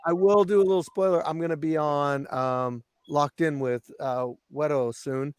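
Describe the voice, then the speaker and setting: A man's voice: on the high side, fairly even intonation, normal speed. A man from Washington State hosting a casual podcast chat, rambling with many fillers and restarts. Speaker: podcast host.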